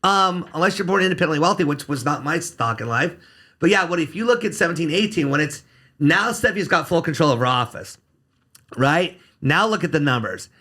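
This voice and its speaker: A man's voice: a little high, expressive, a little fast, bright, forceful tone. A man who works as a criminal defense attorney, guesting on a podcast and talking bluntly and sarcastically, cursing freely. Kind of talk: casual podcast interview.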